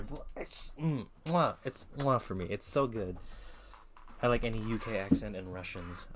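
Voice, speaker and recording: Young man from the Philippines, streamer, low-voiced, relaxed slangy chat on a headset. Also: slight background noise. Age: 20s. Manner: laid-back, slangy, chatty. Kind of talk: casual live-stream chat.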